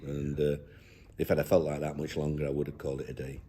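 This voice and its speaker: An older man, a football manager, gives a reflective interview in an extremely low, mellow voice, delivered flat and fast. He keeps things down-to-earth, rambling as he reminisces and restarting frequently.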